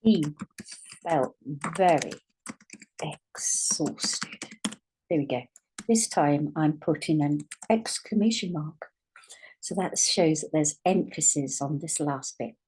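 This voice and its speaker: A woman teaching a writing lesson, speaking patiently and dictating words slowly as she writes them out. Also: deep voice, darkish tone, slight background noise. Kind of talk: dyslexia writing lesson, thinking aloud while writing.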